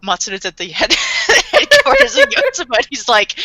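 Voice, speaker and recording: A woman's voice: fairly high pitch, moderate pace, dry recording. A woman casually recapping an anime episode, laughing often and acting out characters' lines. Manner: animated retelling with laughs and voiced quotes. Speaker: podcast co-host.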